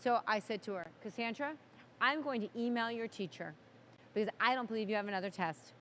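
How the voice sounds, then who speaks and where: Bright chatty woman telling a family story. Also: a little high, slight background noise. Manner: chatty, talks fast with asides. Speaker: co-host. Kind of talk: casual chat, storytelling.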